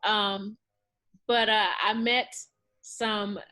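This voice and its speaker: A woman interview guest answering hesitantly, with pauses and light laughter. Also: medium pitch, level tone, pushed and bright. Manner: hesitant, many fillers and restarts, laughs.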